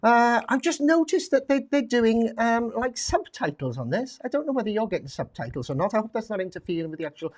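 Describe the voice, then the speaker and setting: A man's voice: very high voice, expressive, brisk, few pauses. Chatty man hosting a live quiz. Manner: chatty, rambling, many fillers and restarts. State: slightly out of breath. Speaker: quiz show host. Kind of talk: casual live-stream chat. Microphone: desk mic at a computer.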